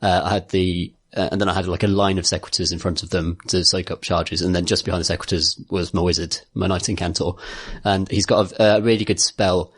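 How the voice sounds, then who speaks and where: Male co-host, low and breathy-husky, casual, stops and restarts a lot. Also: flat delivery, a little fast, few pauses, fairly bright tone. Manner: thoughtful, hesitant, many restarts. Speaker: podcast co-host. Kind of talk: casual chat about a tabletop game.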